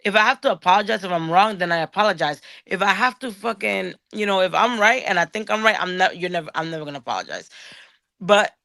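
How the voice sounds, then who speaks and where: A woman's voice: mid-range voice, fast talker, vocal fry, bright, forceful tone, no room sound. A woman ranting angrily as a guest on a show, swearing often and restarting her words as she gets worked up. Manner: angry, profane, repeats and restarts words. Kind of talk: heated ranting call-out.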